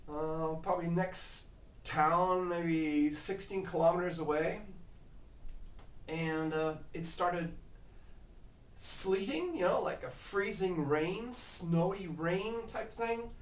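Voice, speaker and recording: A man's voice: high-pitched, takes it slowly. A man telling a casual travel story at home, rambling with lots of fillers. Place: home kitchen. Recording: roomy kitchen, mic at a distance.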